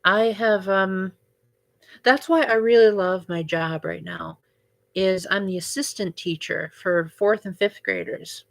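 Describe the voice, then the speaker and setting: A woman's voice: mid-range voice, unhurried, vocal fry. A young woman hosting a casual livestream, chatting with viewers and filling her talk with "like" and "um". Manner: chatty, frequent "like" and "um" fillers. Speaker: livestream host.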